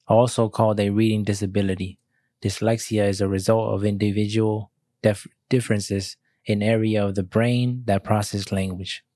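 A young American man in casual podcast chat, asking pointed questions and reading aloud haltingly. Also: on the low side, little pitch movement, dark tone, no echo. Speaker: podcast co-host.

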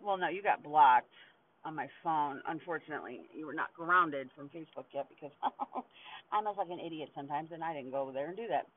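A woman's voice: low-pitched, a little fast. A woman in her forties talks straight into a tinny, phone-like recording, venting in a loose, casual monologue. She swears constantly and bluntly, breaking into short laughs between her lines. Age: 40s. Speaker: podcast host.

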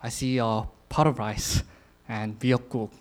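A man's voice: mid-range voice, fairly even intonation, measured pace. A man in his twenties giving an informal sermon, casual, with lots of filler words and frequent chuckles. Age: 20s. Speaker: youth speaker sharing a message.

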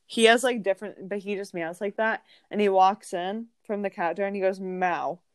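A young woman telling family stories on a podcast, animated and rambling, with her sentences full of "like". Her voice sits at an ordinary pitch and is recorded close and dry. She jumps into other people's voices as she goes. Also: brisk, clear, resonant tone, no echo. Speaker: podcast co-host. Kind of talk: casual storytelling chat.

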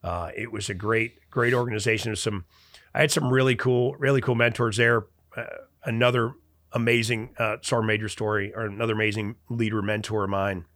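A man in his forties, a military veteran guest, telling stories casually in an animated, profane way with laughter. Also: on the low side, a little fast, no echo, studio quality. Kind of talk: casual storytelling.

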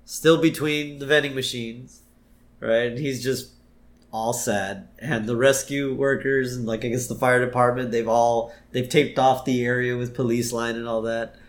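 A man's voice: mid-range voice, fairly even intonation, normal speed. A man co-hosting a podcast, casually recapping a cartoon episode, often laughing and exclaiming. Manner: briefly acts out quoted lines in a raised voice. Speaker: podcast co-host.

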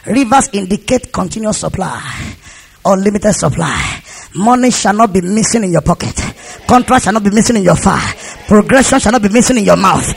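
A man's voice: sits high, gravelly. A man preaching a sermon, repeating phrases and leading the congregation in call-and-response. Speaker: pastor.

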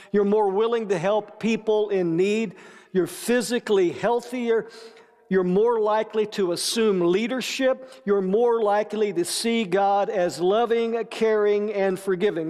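A man preaching a sermon as pastor, deliberate and measured, with playful asides to the congregation. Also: sits high, darkish tone. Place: church sanctuary with long reverb. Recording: echoey church hall.

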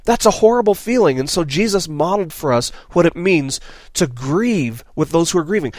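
A man's voice: on the high side, animated, moderate pace, dry recording. Earnest male preacher, dry close sound. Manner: earnest, rhetorical questions, drops soft on key phrases. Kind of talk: sermon.

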